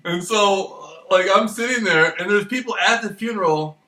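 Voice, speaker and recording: Man, high voice, bright tone, rambling casual storyteller, profane, laughs a lot, echoey room, far from mic. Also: moderate pace. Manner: rambling, profane, laughs often while telling. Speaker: vlogger.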